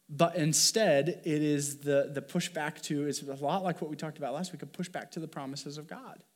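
A man preaching a sermon as pastor, talking in an earnest, conversational way with fillers and restarts. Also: on the high side.

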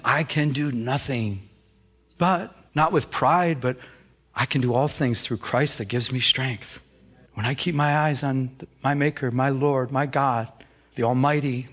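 A man's voice: medium pitch, fairly bright tone, husky. A man preaching a sermon as pastor, with many restarts, who acts out the voices he quotes.

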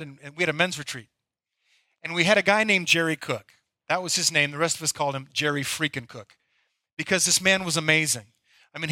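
Bright, high-voiced man preaching a sermon. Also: no room sound. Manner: storytelling, animated. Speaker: pastor.

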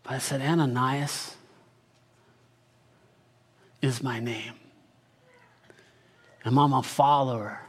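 A man narrates a Bible story from inside a character's shoes, speaking slowly and deliberately. His voice is very breathy and airy, and it often sinks to a hushed whisper. His pitch sits in an ordinary middle range. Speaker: storyteller in first person as a biblical figure. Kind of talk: dramatic first-person Bible monologue.

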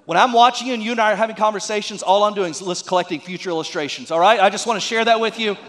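High-voiced pastor preaching in echoing hall. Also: male voice, rapid-fire, a bit bright. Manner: folksy, joking asides with audience prompts. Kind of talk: sermon.

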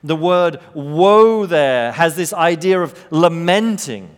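A man preaching an expository sermon, measured and emphatic, rising to bold peaks and dropping to hushed lows. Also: expressive. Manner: measured, emphatic delivery with dramatic rises and hushed drops. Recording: long reverb of a large hall.

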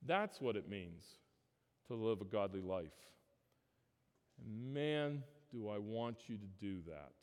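A man's voice: very animated, slow, clean tone. Preaching man in a reverberant church. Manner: emphatic preaching, pitch rising on key phrases. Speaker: pastor. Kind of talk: sermon. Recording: long reverb of a church hall.

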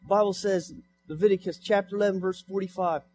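Young man, pastor, sermon, higher voice, faint music behind. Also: fairly even intonation, fast talker, darkish tone. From United States. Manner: preaching with rising emphasis, repeating scripture. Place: church sanctuary.

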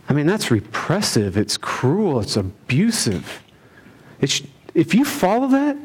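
A man preaching a sermon, driving his points home with rhetorical questions and swinging between loud emphasis and hushed lines. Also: medium pitch. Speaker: pastor.

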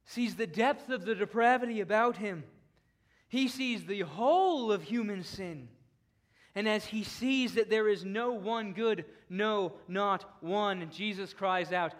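A man preaching a fervent sermon, shifting between forceful declarations and hushed, solemn passages. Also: high-pitched.

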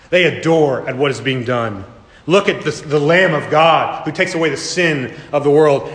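A pastor delivering a sermon in an earnest, dramatic way, his voice sitting a little high for a man. The sound rings around a large church hall, with a long tail of reverb behind each phrase. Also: fairly bright tone. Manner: earnest preaching, acts out mocking voices.

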